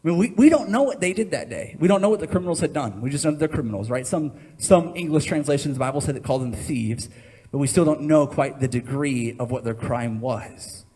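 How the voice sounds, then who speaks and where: A man's voice: fairly high pitch, expressive, quick pace, mellow, husky. A man preaching a sermon as pastor, telling a story and acting out the voices in it with rising intensity.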